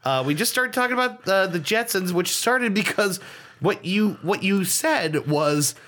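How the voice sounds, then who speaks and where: A man's voice: high voice, animated, unhurried, sharp tone. A man co-hosting a comedy podcast in casual, wry chat. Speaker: podcast co-host.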